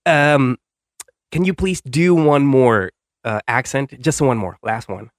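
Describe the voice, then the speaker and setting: A woman's voice: very deep voice, takes it slowly, dry recording, studio quality. A woman hosting a casual chat, enthusiastic and easily impressed. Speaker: host.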